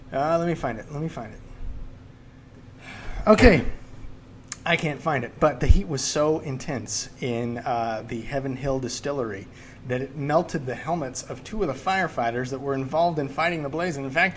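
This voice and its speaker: A man hosting his own chat show, joking around and wandering off on tangents with plenty of fillers. His voice sits a little high for a man. A faint ambient hiss runs under the recording. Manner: jokey, rambling, with many fillers. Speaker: podcast host. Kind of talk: casual chat.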